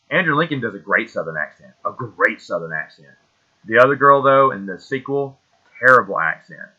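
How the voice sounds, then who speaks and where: Excitable male host with a sharp, bright voice riffing on movies, recorded a bit dull and lo-fi. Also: mid-range voice. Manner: enthusiastic, rambling, loses names mid-sentence. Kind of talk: casual solo movie talk.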